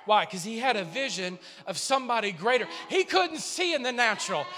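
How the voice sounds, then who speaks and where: High-voiced impassioned preacher man. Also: big pitch swings, fairly quick, few pauses. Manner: impassioned, repetitive, builds to shouting. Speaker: pastor. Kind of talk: sermon. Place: large church sanctuary. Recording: long church reverb, faint music.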